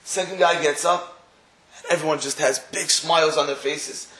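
A man's voice: fairly high pitch, fairly even intonation, moderate pace, bright, forceful tone, echoey room. A man giving a sermon in story form, acting out the voices he quotes and mixing in Hebrew and Yiddish terms. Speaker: religious speaker. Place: room in England.

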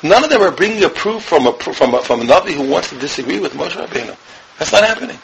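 A man from the United States, a rabbi teaching a Torah class, emphatic and repetitive, dropping from loud emphasis to hushed tones. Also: fairly high pitch, big pitch swings, quick pace, vocal fry, a little hiss or hum, rough recording. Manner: emphatic, repeats phrases, swings between loud and hushed. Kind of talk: impassioned Torah lesson.

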